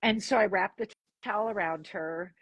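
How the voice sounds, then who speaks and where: A woman guest on an interview podcast, telling a personal story in an animated way and acting out the dialogue. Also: medium pitch, normal speed, breathy edge, dry recording. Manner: animated, acts out dialogue in her stories.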